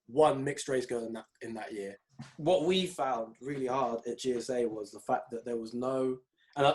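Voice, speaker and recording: A young man, co-hosting a podcast and telling stories in a casual, animated way. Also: mid-range voice. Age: young adult. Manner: animated storytelling, mimics people in raised voices. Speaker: podcast co-host. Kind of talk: casual chat.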